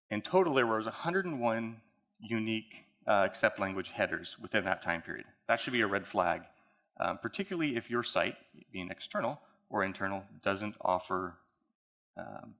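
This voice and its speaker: Bright-voiced man giving a technical talk. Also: on the low side. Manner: casual and conversational, addresses the audience directly. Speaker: conference speaker. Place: conference hall.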